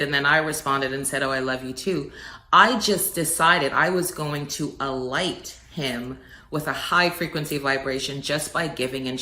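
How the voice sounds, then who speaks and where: A woman's voice: sits low, sharp tone, roomy sound. A middle-aged woman giving an earnest, preacher-like motivational message, swelling on key words. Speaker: inspirational speaker.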